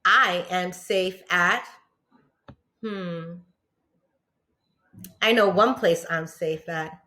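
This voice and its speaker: Very slow, patient kindergarten teacher woman. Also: lowish voice, pushed and bright. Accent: New York English. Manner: patient, pauses for pupils to answer, praises often. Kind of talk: slow, encouraging classroom lesson for young children.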